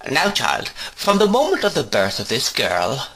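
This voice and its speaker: A man's voice: medium pitch, wildly swooping pitch, normal speed, gravelly, a bit bright, pitched above the performer's own voice, heavily acted, rough recording. A man reading aloud and voicing a stern, brusque older aunt who gives orders. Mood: imperious. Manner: clipped, emphatic, bossy delivery. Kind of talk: storybook reading.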